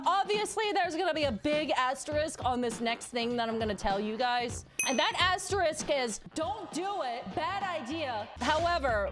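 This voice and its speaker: High, lively woman streamer. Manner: playful, teasing, bursts into mock outrage at chat. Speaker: VTuber streamer. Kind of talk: casual live-stream chat. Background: background music.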